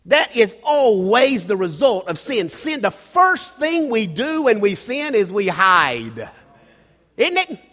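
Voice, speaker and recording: High-voiced male pastor preaching in a hall. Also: sing-song, fairly bright tone. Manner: preaching, often halting and restarting, with bursts of raised emphasis. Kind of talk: sermon. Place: church sanctuary. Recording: long hall reverb.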